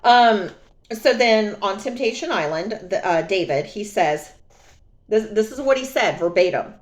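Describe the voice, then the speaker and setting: Woman, casual vlog storyteller, sassy, animated, mocks other voices, lively pitch. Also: unhurried. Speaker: vlogger.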